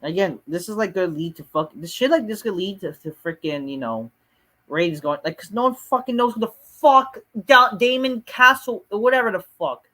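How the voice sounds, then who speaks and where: A man's voice: sits high, lively intonation, normal speed, pushed and bright. A man reviewing a wrestling show in a casual rant, rambling and dismissive, with lots of swearing and filler words.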